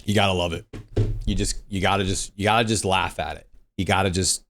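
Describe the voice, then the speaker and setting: A man's voice: deep voice, fairly even intonation, brisk, a bit bright. A young man hosting a live trading stream, explaining setups and reading chat in a laid-back, slangy way. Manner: laid-back, slangy, says bro and dude. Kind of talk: casual live-stream teaching.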